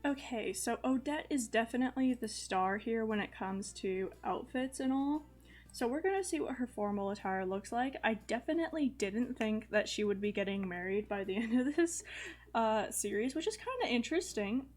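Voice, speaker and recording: A chatty young woman talking through her gameplay with a slightly high voice. She rambles easily, with frequent fillers and small laughs. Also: lively intonation, normal speed, a little mellow, soft background music. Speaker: gaming video host. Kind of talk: casual let's-play commentary.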